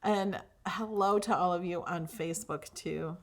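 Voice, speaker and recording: A woman's voice: on the low side, unhurried. A woman hosting a craft livestream, chatting casually with viewers, gushing over her projects with fillers and restarts.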